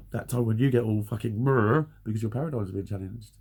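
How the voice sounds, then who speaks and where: A man's voice: on the low side, a little fast, vocal fry, a little mellow, husky. A man in his forties giving blunt, sweary, earnest advice in a ranting monologue. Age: 40s. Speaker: vlogger.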